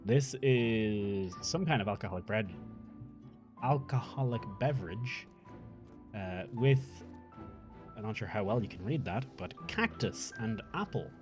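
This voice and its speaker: Chatty Irish man with a lively voice. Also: fairly low pitch, a little slow, music in the background. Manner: rambling, thinks aloud, swears casually. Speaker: game streamer. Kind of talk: casual live-stream chat while gaming.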